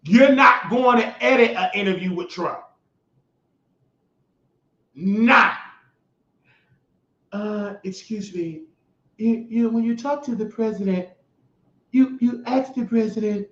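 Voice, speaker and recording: Slow-talking young male commentary host. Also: sits high, a bit bright. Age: young adult. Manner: emphatic, mocking, slangy. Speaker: show host. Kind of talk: political commentary rant. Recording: roomy, dull lo-fi sound.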